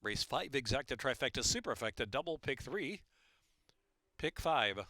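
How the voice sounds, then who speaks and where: A man with an American accent calling horse races and reading track announcements in a brisk, rhythmic way. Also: medium pitch, no room sound. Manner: brisk, rhythmic, rising to a loud excited call in the stretch.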